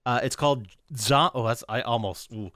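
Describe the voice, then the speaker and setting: A man's voice: medium pitch, normal speed, fairly bright tone, no echo. A man co-hosting a podcast, casual and wry, dropping game trivia. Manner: dry, wry asides. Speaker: podcast co-host. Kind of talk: casual chat.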